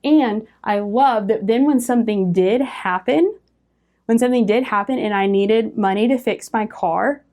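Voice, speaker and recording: A young woman telling a personal story as a guest on a faith-based round table, lively, with laughs and quoted voices. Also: fairly high pitch, unhurried. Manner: animated storyteller, laughs often, acts out quoted speech.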